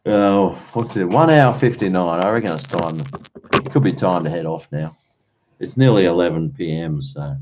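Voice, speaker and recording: Laid-back Australian man, low and mellow. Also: lively intonation, a little slow, pauses often, a little hiss or hum. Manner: rambling, easygoing, chuckles between thoughts. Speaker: livestream host. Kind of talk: casual late-night livestream chat. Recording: dull lo-fi stream audio.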